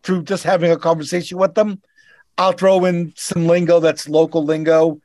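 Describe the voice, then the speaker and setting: A man with a Boston accent, co-hosting a podcast and telling animated stories in casual chat. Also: a little high, moderate pace, no echo. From Boston, USA. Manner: animated storyteller, acts out callers. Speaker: podcast co-host.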